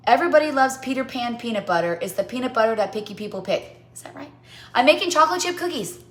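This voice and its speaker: A woman in her forties hosting a casual baking livestream from her home kitchen, playful and tripping over tongue twisters as she chats. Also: fairly high pitch. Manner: playful, stumbling through tongue twisters and jingles.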